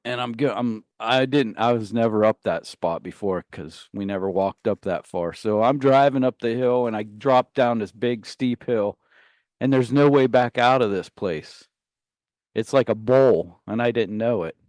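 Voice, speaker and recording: A man, co-hosting a radio show, tells a rambling, profane story and acts out his yelling relatives. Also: mid-range voice, measured pace, no echo, clean studio sound. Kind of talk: casual storytelling banter. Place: radio studio.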